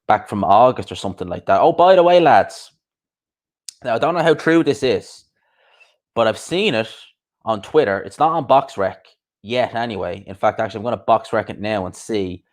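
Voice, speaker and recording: A man's voice: on the low side, brisk. A young man hosting a boxing talk show, ranting bluntly and heatedly, swearing and repeating himself. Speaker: boxing podcast host. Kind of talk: casual ranting commentary.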